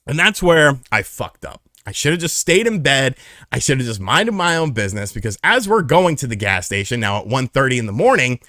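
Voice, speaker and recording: A man's voice: medium pitch, very animated, fairly quick, pushed and bright, no echo. A young man casually telling a personal story, candid and profane, on a close mic. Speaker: vlogger.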